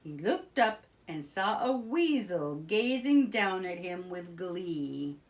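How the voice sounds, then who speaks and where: A woman reading a children's storybook aloud, narrating slowly and expressively. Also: on the low side, sing-song.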